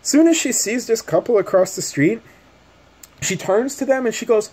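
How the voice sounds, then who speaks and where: A man's voice: very high-pitched, expressive, moderate pace, darkish tone, breathy edge. A man vlogging, telling a story to camera in a rambling, agitated way, with many fillers and restarts.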